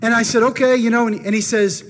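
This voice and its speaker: A man preaching, telling a personal story in an animated first-person way and acting out his own thoughts. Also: extremely high pitch, fast talker, slight background noise. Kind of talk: storytelling in a sermon.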